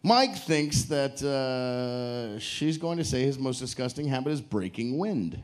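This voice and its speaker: Man, game show host, swooping lively pitch, joking and teasing, hyping the crowd, cruise ship stage. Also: a little slow. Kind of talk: live audience game show hosting.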